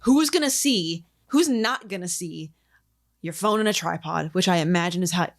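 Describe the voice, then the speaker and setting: A woman co-hosting a podcast, telling stories in a rambling, profane and animated way. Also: fairly low pitch, normal speed. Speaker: podcast co-host. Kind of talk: casual chat.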